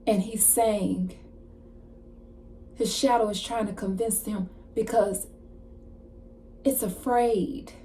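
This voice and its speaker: A woman card reader giving a casual channeled message, retelling a story in an animated way with slang and asides. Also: medium pitch, a little hiss or hum.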